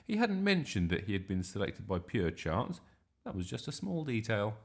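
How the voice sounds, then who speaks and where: A man reading a children's story aloud in an expressive, animated way. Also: lowish voice, normal speed, vocal fry.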